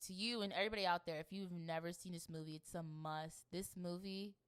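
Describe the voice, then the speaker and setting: A young woman from a Jamaican family, co-hosting a podcast in casual, laughing chat and mimicking people in high voices. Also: fairly even intonation, fairly quick, smooth. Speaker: podcast co-host.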